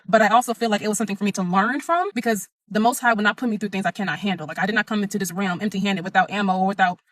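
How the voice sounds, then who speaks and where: Young woman, casual storytelling, emphatic and profane, quick delivery, dry close sound. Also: medium pitch, a bit bright, no echo. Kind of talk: casual first-person storytelling.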